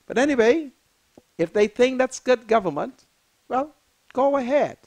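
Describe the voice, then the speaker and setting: A man's voice: very high voice, animated, unhurried, darkish tone. An older man hosting a live TV talk show, emotional and exclamatory, repeating his phrases.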